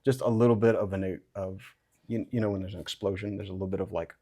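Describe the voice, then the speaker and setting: A man running a tabletop game as game master, describing scenes with halting, filler-heavy narration. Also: deep voice, steady tone, mellow, slightly rough. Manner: halting, full of fillers and restarts.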